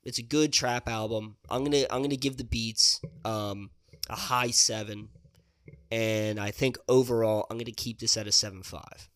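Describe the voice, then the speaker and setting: A man's voice: on the low side, steady tone, moderate pace, fairly bright tone. A man co-hosting a podcast, laid-back and wisecracking as he gives his album ratings in casual chat. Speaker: podcast co-host.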